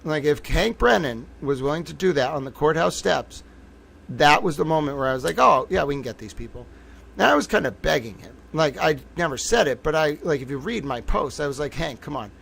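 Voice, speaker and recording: A man's voice: a little high, expressive, fairly quick, vocal fry, fairly bright tone, a little hiss or hum. A man giving casual livestream commentary, talking in a rambling, profane and emphatic way.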